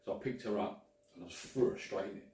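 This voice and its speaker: A man's voice: on the low side, quick pace, warm tone. A man telling a rambling, sweary anecdote in a casual chat, recorded from a distance in an echoey room. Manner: swears freely, rambling anecdote, restarts often. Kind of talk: casual storytelling. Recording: roomy, distant mic, faint noise.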